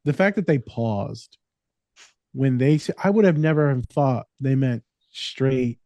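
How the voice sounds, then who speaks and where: A therapist and podcast co-host telling stories in casual, profane, joking chat. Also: male voice, medium pitch, animated, a little slow, mellow, dry recording.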